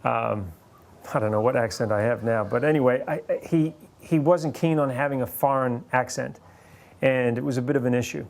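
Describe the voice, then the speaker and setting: A man's voice: mid-range voice, normal speed, gravelly, a little mellow. A man in his forties from New Zealand, with a partly Americanized New Zealand accent, telling anecdotes about his career as a TV host in an interview. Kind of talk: reflective interview storytelling.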